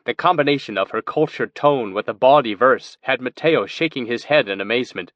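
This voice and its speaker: A man narrating a fantasy audiobook in a steady storytelling manner. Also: medium pitch, fairly quick, no echo. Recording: dry, dull lo-fi recording.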